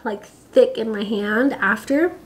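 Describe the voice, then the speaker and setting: Chatty young woman vlogger with a fairly high voice; giggles often, pregnant, loose conversational delivery full of "like" and "um." Keep it relaxed and talky. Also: slow. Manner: chatty, giggly, many fillers. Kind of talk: casual chat to camera.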